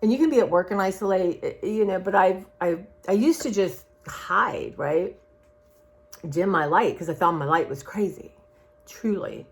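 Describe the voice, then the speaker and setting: A woman's voice: mid-range voice, normal speed. A woman talking candidly in a personal vlog, rambling and heartfelt in a confiding way. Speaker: vlogger.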